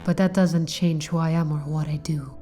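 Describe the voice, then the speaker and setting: Woman doing a sly hushed fox con man. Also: fairly low pitch, fairly quick, faint music behind, close to an everyday voice. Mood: smooth, evasive.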